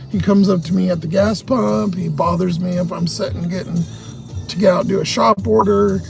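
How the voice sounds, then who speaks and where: A livestream host with a high, slightly mellow voice and vocal fry delivers a long, agitated story. It's a casual storytelling rant, profane and heavy with cursing.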